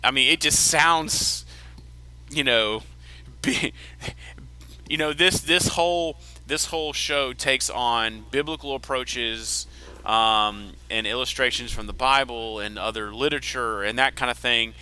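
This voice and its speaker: Very bright-voiced man recapping a show. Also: mid-range voice, a little slow, clear, resonant tone, rough recording. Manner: chatty storyteller who laughs often and restarts sentences. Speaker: podcast host. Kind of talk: casual episode recap.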